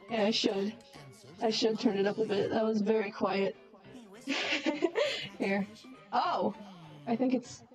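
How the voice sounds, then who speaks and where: Giggly high-voiced woman streamer. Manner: giggly and bubbly, laughs often; flustered and self-deprecating. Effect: robot voice filter. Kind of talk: casual live-stream chat.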